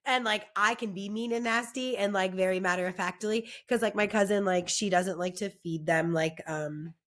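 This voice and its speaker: A woman's voice: mid-range voice, normal speed, a bit bright. A young adult woman co-hosting a podcast, chatting casually and telling stories with lots of fillers, her voice worn from lack of sleep. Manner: chatty, storytelling, says like a lot. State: lost her voice from not sleeping. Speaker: podcast co-host. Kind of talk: casual chat.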